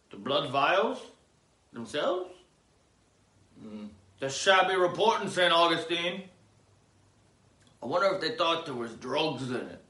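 A man rambles through his comedy podcast in a slow, unhurried drawl. His voice is bright and lively, swooping up and down as he hams it up and then drops to mumbled asides. The grainy, clicky recording sits in a roomy space. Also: medium pitch. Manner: theatrical, jokey, swings between loud outbursts and mumbled asides. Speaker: podcast host.

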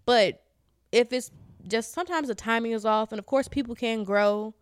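A woman's voice: a little high, moderate pace, smooth, no room sound, clean studio sound. A young woman co-hosting a podcast, chatting candidly with frequent fillers and laughs. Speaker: podcast co-host. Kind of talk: casual chat.

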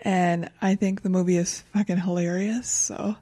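Woman co-host, relaxed warm voice, fond and eager in conversation. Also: lowish voice, normal speed, no room sound. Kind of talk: casual chat.

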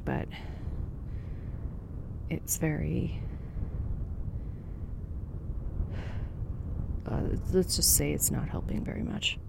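A woman playing a wary young survivor of the wildfires, talking haltingly through a smoke mask as she records a log alone. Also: lowish voice, vocal fry, background noise. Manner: halting and hesitant, with many pauses and fillers. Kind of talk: audio drama monologue.

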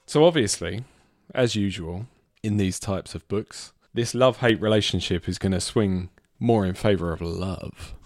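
A man's voice: on the low side, normal speed, few pauses, a little mellow, no echo, clean studio sound. A man, a podcast co-host, giving wry, mock-earnest advice in casual comedic chat.

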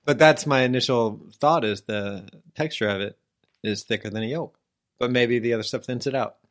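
A man's voice: medium pitch, moderate pace. A man co-hosting a podcast in casual chat, drawling and questioning, playfully stubborn. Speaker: podcast co-host.

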